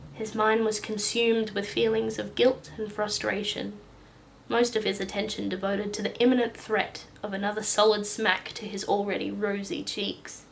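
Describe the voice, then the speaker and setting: A woman narrating a story in a steady, even reading voice. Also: medium pitch, gravelly, slight background noise, rough recording. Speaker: audiobook reader.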